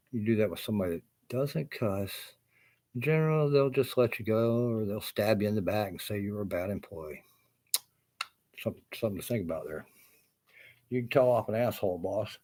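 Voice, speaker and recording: Speaking fairly quickly in a fairly low, darkish voice, this man, a carpenter, delivers a casual rant to camera. He is bitter and profane, rambling through restarts and asides.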